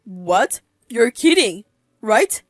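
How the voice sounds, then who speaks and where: A woman's voice: fairly high pitch, sing-song, drawn-out words, no echo, heavily acted. A woman voicing a scheming young man in his early thirties who begs and wheedles after being caught lying. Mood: shocked. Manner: wheedling, begging for forgiveness.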